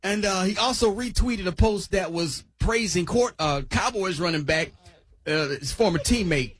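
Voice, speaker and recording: A man's voice: high voice, moderate pace, a bit bright, no room sound. A man reading morning radio sports news, sing-song and laughing as he goes. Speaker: sports reporter.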